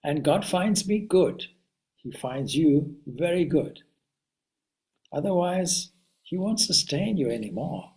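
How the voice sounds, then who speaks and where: A man, a swami, giving a spiritual teaching talk to seekers in a Q&A session. He speaks in a measured, reflective way, builds long lists of phrases and now and then pauses on an "uh". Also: a little high, lively intonation, darkish tone. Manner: reflective, with occasional "uh" fillers.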